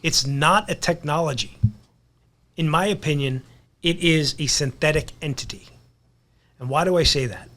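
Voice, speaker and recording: A man's voice: a little high, moderate pace, long pauses, sharp tone. A man guesting on a podcast, talking earnestly in a casual conversation and repeating words as he builds a point.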